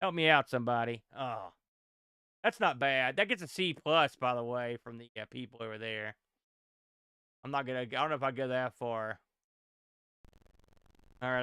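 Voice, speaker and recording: A man streaming retro games live, reacting loudly with yelps, groans and frequent laughter as he plays. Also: mid-range voice, moderate pace, long pauses, clean tone, dry recording, studio quality. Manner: excitable, yelps and groans at the game, laughs often. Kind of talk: excitable live gameplay commentary.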